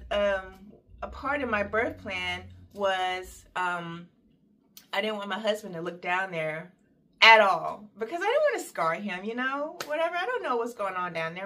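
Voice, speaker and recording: Chatty woman telling a story. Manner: animated, acts out quoted voices with big pitch jumps; chatty and detailed, with fillers. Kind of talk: casual personal storytelling.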